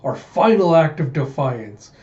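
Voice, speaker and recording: A man reading the lines of a grim, stoic male cyborg rebel commander in a manga read-aloud, in a flat, steady voice. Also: fairly high pitch, a little slow, reverberant, lo-fi sound. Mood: resolute.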